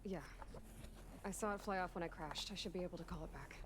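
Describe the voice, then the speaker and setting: A woman voicing a determined young female hunter cast out by her tribe, speaking in a steady, matter-of-fact way in video game dialogue. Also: lowish voice, fast talker, natural voice. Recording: game audio under loud ambient noise.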